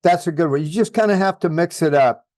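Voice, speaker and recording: A man's voice: a little high, fast talker, darkish tone, no room sound. A man coaching real estate agents in an online training session, reading sample texts aloud with the punctuation spoken.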